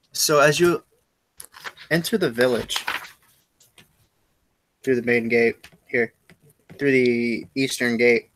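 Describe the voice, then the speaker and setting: A game master runs a tabletop game, narrating haltingly and often correcting himself. His voice is mid-range and a bit bright.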